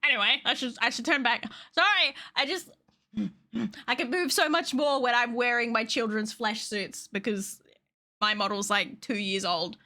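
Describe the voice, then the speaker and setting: A woman's voice: fairly high pitch, normal speed, pushed and bright. A woman streaming a game, chatting casually in a rambling, giggly way and swearing freely. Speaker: VTuber streamer and model rigger. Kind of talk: casual live-stream chat while gaming.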